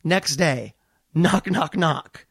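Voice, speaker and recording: A male comedian tells a story in casual chat, racing along and swearing freely. He jumps into the voices of the people he quotes. His voice sits a little high and sounds close and dry, with no room echo. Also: gravelly, slightly rough. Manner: fast, animated, profane, acts out quotes.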